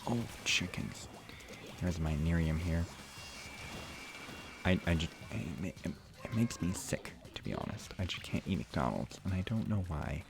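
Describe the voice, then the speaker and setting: A young man streaming a game late at night, talking quietly and half-whispering in a rambling, restarting way so he won't wake his sister. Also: low-pitched, measured pace, vocal fry, noisy background. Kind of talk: quiet live stream chat while playing. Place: room at home at night. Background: game music.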